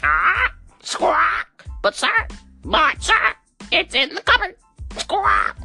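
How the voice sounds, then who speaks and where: A guy doing a shrill squawking cartoon parrot. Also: big pitch swings, drawn-out words, creaky, bright, forceful tone, soft background music, exaggerated voice. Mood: eager. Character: squawking cheeky male parrot.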